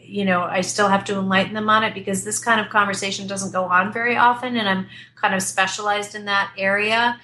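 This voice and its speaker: A woman vocal coach explaining technique in a remote interview, animated and chatty, with frequent fillers and restarts. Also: mid-range voice, a little hiss or hum. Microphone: desktop computer mic at a distance.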